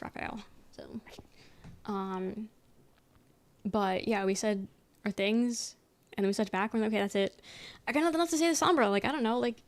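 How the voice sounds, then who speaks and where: A young woman streamer casually rambling through a story, full of fillers and quoted back-and-forth. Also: mid-range voice. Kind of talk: casual chat.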